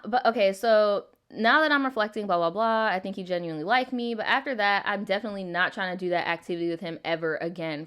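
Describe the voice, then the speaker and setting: A woman's voice: mid-range voice, a bit bright. A young woman hosting a storytime channel. She reads a viewer's letter aloud, breaks off often with blunt, profane comments, and laughs a lot.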